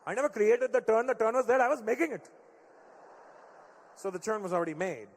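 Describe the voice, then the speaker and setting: A man voicing an exasperated older Indian immigrant father with an Indian accent, stubborn and shouting back. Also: sits high, expressive, fairly quick, creaky, pitched above the performer's own voice. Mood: indignant. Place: live comedy venue. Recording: long venue reverb.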